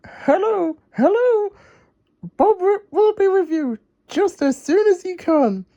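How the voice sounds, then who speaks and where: A man's voice: very high voice, lively intonation, slow pace, mellow, dull audio, voice pushed up, heavily acted. A man reading a storybook aloud and voicing a woman who urgently reads out a message in a raised voice. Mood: reassuring.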